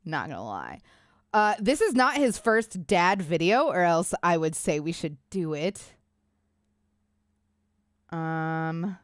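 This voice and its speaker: A woman's voice: fairly low pitch, very animated, slow pace, long pauses, no echo, studio quality. A woman streamer chatting casually with her viewers, rambling and a little winded. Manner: chatty, rambling, talks to chat. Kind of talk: casual live-stream chat.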